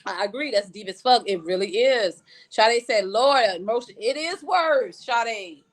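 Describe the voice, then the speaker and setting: Blunt, animated woman hosting a livestream. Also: fairly high pitch, measured pace. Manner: blunt, profane and animated, reading out comments. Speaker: livestream host reading viewer comments. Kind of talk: casual chat.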